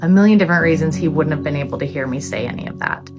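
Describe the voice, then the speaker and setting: A woman's voice: deep voice, racing, music in the background. A woman and mother telling a candid, reflective story in a casual vlog, with frequent "um"s. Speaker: mother of deaf children.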